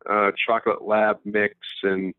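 A man's voice: fairly low pitch, little pitch movement, a little slow, smooth, dry recording. Man on a tinny phone line. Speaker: caller. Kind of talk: casual phone chat.

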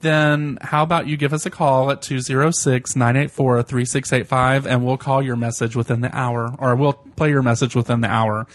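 A man's voice: medium pitch, flat delivery, normal speed, hardly any pauses. A man hosting a podcast in casual chat, giggly and swearing freely. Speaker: podcast host.

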